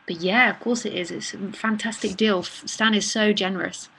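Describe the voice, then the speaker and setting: A woman speaks on a live stream in an easygoing, conversational way. Her pitch sits at an ordinary middle height for a woman. Her tone is relaxed and chatty, and she trails off into quiet asides as she reads out messages. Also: moderate pace, creaky, slight background noise. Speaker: nonduality speaker answering live chat questions. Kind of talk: casual live-stream talk.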